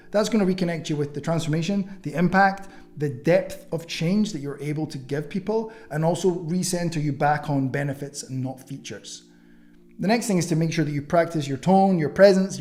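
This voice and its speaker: A man's voice: fairly high pitch, dark tone. A man teaching an online coaching course in a blunt, casual way, swearing freely.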